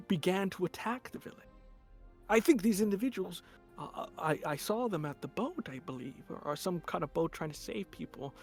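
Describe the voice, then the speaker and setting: Man playing a solemn veteran general, halting speech, slightly raised pitch, music faint behind. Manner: grave, halting testimony with many fillers. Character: older male war general, solemn and formal. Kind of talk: tabletop game character voice.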